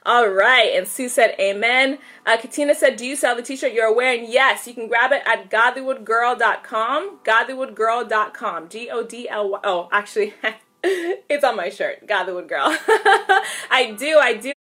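A woman's voice: fairly high pitch, moderate pace, pushed and bright. A woman hosting a live online Bible study. She greets viewers by name, prays and reads scripture in an upbeat, casual way, and laughs easily. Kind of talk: casual livestream devotional with prayer and scripture reading.

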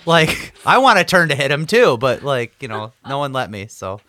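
A man's voice: medium pitch, big pitch swings, normal speed, bright, forceful tone, dry recording. A man from the northern United States, a podcast co-host who cracks jokes in casual banter. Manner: jokey, wisecracking.

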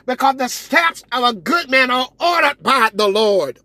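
A woman preacher delivering a sermon, shouting with call-and-response to the congregation. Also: sits high, expressive, moderate pace, few pauses, no echo.

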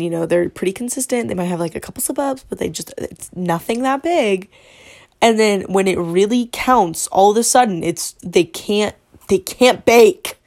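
A young woman vlogging a casual, rambling review of a TV show, excitable and quick to interrupt herself, with the odd swear. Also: medium pitch.

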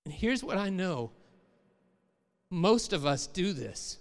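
Pastor preaching in a reverberant hall. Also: male voice, sits high, sing-song, slow pace. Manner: conversational, rising to emphatic in quoted voices. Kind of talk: sermon.

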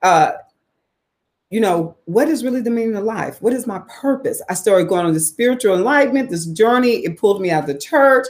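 This is a Southern woman in her forties talking a little fast as she relates her own experiences. She's candid and expressive, swears freely, and lets her voice shoot up high to drive points home.

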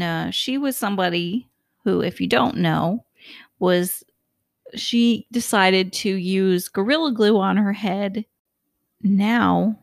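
A woman co-hosting a casual podcast, reading out a news item in a steady, informative way. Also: medium pitch, creaky, dry recording, studio quality.

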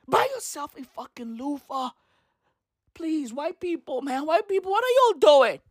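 A woman delivering a comedic rant to camera, loud and profane, with shouted bursts and slang asides. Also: high voice, very animated, unhurried, no echo, studio quality. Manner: heavy use of slang asides. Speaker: commentator.

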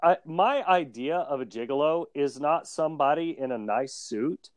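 A man's voice: a little high, normal speed, no echo. A man co-hosting a casual podcast chat, recapping a cartoon episode and joking and laughing often. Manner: jokey, laughs often, animated. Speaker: podcast co-host.

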